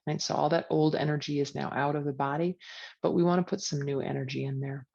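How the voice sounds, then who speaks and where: A woman teaching yoga, leading a guided meditation in a relaxed, chatty way. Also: low-pitched, fast, creaky. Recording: dull lo-fi sound, dry.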